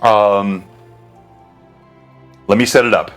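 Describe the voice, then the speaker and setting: A man's voice: fairly low pitch, steady tone, takes it slowly, a bit bright, soft background music. A man hosting a live stream as a game master, chatting casually, interrupting himself and laughing often. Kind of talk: casual livestream chat.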